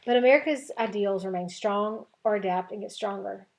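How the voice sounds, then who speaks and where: A woman voicing an earnest, kind boy classmate in a chapter book read-aloud, with a slightly gravelly voice. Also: medium pitch, fairly quick, darkish tone, lightly acted.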